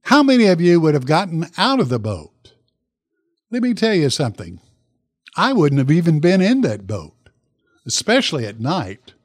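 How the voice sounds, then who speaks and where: A pastor preaching a sermon, telling a Bible story dramatically and putting questions to the congregation. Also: male voice, fairly high pitch, wildly swooping pitch, moderate pace, dry recording, clean studio sound.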